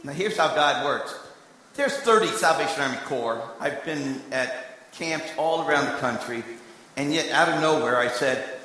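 A man giving a sermon, telling a story that swings between quiet asides and emphatic lines. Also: a little high, moderate pace, a little hiss or hum. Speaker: preacher and candidate recruiter. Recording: echoey hall with long reverb.

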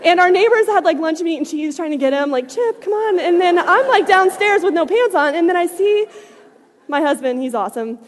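A young adult woman telling a lively personal story, laughing often and swinging between loud bursts and hushed asides. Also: extremely high pitch, brisk, in a large hall.

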